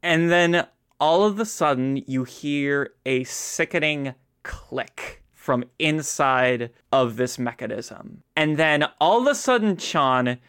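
Man, game master, slow delivery, animated pitch, dry close sound. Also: smooth, dry recording. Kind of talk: narrating a tabletop game over a call.

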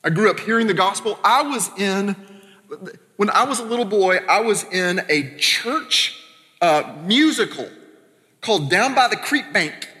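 A man from Arkansas preaching a sermon as a pastor, talking conversationally with quick asides and sudden quiet drops. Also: high-pitched, expressive. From Arkansas, American South. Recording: long reverb of a church hall.

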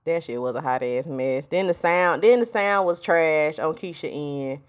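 A woman's voice: deep voice, moderate pace. A woman hosting a solo podcast, talking in a blunt, sassy, profane casual way. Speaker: podcast host. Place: home, with a storm outside.

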